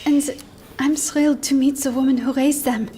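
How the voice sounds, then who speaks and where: A woman playing a gentle young woman. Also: high voice, fairly even intonation, moderate pace, slight background noise, natural voice. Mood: earnest. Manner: earnest and gentle. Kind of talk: game cinematic voice acting.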